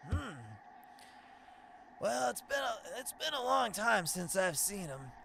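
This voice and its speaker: A kindly old bug nailmaster, put on by a man with a fairly high voice that climbs and falls a lot and has a gravelly edge. He talks calmly and reflectively, in a wistful tone. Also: slight background noise, full character voice. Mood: gentle. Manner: calm, measured, reflective.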